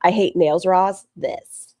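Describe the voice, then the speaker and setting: A woman's voice: lowish voice, expressive, normal speed, creaky, a little mellow, dry recording. A woman live-streaming commentary, sarcastic and mocking, reading out super chats between asides. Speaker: reaction streamer.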